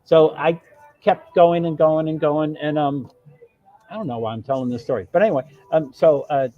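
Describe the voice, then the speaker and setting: A man's voice: fairly high pitch, normal speed, phone-quality sound. A man telling a long story on his live stream, rambling, breaking off mid-sentence and acting out what others said. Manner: rambling, self-interrupting, quotes others. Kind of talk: casual storytelling.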